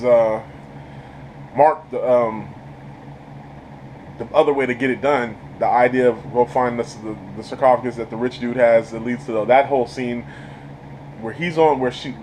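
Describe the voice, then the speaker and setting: A man's voice: mid-range voice, darkish tone, slight background noise, rough recording. A man giving a casual, enthusiastic spoken review of a TV episode, rambling and laughing often. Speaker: YouTube show reviewer.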